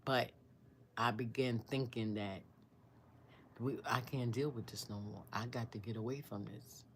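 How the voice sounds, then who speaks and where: Woman, sixties, storytime vlogger, devout, rambling, hushed at times. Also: very deep voice, steady tone, a little slow, slight background noise. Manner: rambling, searching for words, drops to a hushed near-whisper; earnest and devout. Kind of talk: emotional personal storytime.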